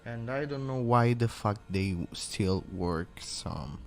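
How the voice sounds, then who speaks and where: A man on a live stream, talking slowly in frustrated mutters, swearing and sighing. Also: lowish voice, lively intonation, vocal fry, faint music behind. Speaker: maker streamer.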